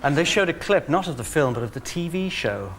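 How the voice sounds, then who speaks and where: A man from England telling comic anecdotes in an interview, camp and giggly, jumping into squeaky high voices for quotes. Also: very animated, a little fast, low-quality recording. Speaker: interviewee, comedian and broadcaster.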